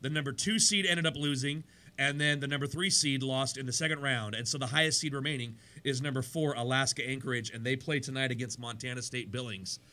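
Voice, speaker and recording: A man hosting a sports radio show in a studio, chatty and energetic, his voice worn from days of talking. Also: mid-range voice, a little fast. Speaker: radio show host and pastor. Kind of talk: casual sports radio chat.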